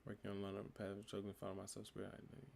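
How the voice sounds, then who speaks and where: Laid-back young man with a gravelly low voice. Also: very fast, slight background noise. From United States. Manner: relaxed, reading chat comments aloud and answering them. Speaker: livestream host. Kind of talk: casual live-stream chat answering comments.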